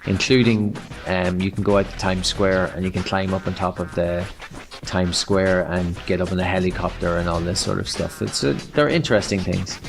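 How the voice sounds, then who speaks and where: An Irish man co-hosting a podcast, his voice sitting low and easy. He talks in loose, rambling runs with false starts and self-corrections. A faint bed of guitar music plays underneath. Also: steady tone, creaky. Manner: rambling, halting, many restarts. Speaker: podcast co-host. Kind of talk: casual podcast chat.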